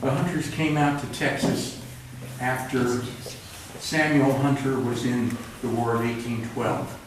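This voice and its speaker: A medium-pitched man reads from his books with a steady tone and an unhurried delivery. The live event takes place in a cultural center event room, and between pieces he slips into rambling asides, staying wry and plainspoken. The roomy recording comes from a distant mic, with background noise present.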